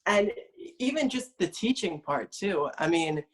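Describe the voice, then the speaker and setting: A man's voice: high voice, expressive, a little slow. A man from New Jersey, a singer-songwriter, chatting as a guest in an easygoing, friendly way over a video call. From New Jersey, USA.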